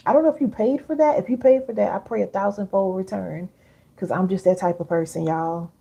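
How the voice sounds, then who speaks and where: Woman host, middle-aged, dark mellow tone with some rasp, talking casually to her live viewers. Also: mid-range voice, fairly quick. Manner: chatty, reads viewer comments aloud, calls viewers baby and girl. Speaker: live-stream host and healing coach. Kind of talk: casual live-stream coaching talk.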